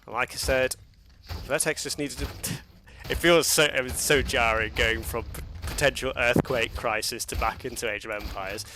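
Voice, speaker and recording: A man's voice: mid-range voice, steady tone, moderate pace, noisy background. A man casting a live strategy game match, chatty and loose, restarting his sentences often. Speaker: game caster.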